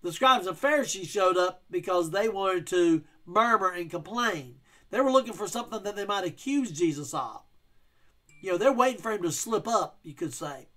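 A man's voice: high voice, pushed and bright. A male pastor giving a verse-by-verse teaching sermon, explaining scripture and reading King James wording with emphasis.

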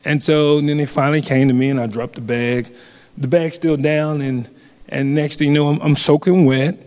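A man from Mississippi telling a personal story at a community forum, earnest and halting, often repeating phrases. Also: fairly high pitch, fairly even intonation, darkish tone. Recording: reverberant hall.

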